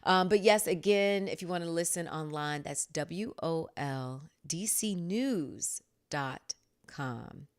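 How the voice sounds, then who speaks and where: A woman in her thirties hosting a podcast in a casual solo chat, laughing often and acting out quotes in a higher voice. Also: takes it slowly. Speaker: podcast host.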